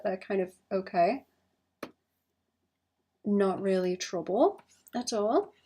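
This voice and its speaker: A young woman talks her way through a drawing session on a casual livestream, thinking aloud. Her voice sits mid-range with a touch of vocal fry. She rambles and second-guesses herself. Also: mid-range voice. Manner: thinks out loud, rambling and self-conscious. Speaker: illustrator streaming her drawing.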